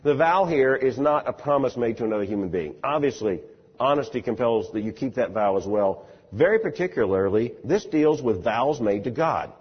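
A man's voice: medium pitch, expressive, normal speed, husky. A man preaching an expository sermon in a conversational, storytelling way, often repeating words as he starts a phrase. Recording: dull recording in a large reverberant hall.

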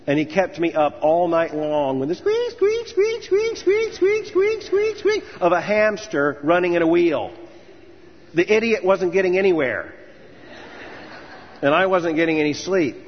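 A man's voice: fairly high pitch, lively intonation, unhurried, long pauses, a little hiss or hum. A man preaching an earnest commencement sermon, telling stories and building to emphatic lists. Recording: dull sound with long hall reverb.

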